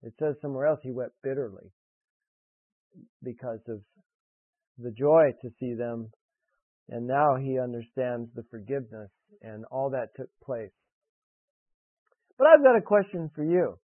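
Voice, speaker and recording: A man's voice: medium pitch, animated, normal speed, long pauses, no echo. A man preaching a sermon and reading scripture, earnest and direct, pressing questions on his listeners. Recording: tinny, dry radio broadcast.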